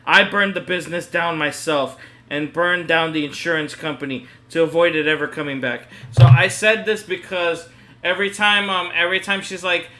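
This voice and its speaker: A young man chatting casually while streaming a game, his voice bright and a little high. He rambles, stalls with fillers and laughs easily. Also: fairly even intonation, moderate pace, low-quality recording. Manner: rambling, hesitant, laughs often. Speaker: gaming YouTuber co-host.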